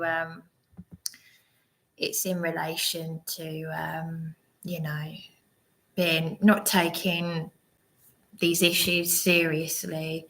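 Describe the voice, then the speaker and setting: A woman's voice: fairly low pitch, a bit bright. A woman talking to camera in a rambling, apologetic vlog, often restarting her sentences. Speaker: vlogger. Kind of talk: casual monologue to camera.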